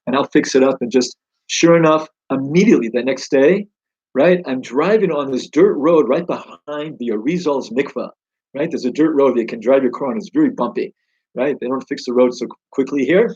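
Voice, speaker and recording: Male Torah teacher, husky, eager and chatty; slightly dull recording. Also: medium pitch, darkish tone. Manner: enthusiastic, conversational, exclaims wow. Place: home study.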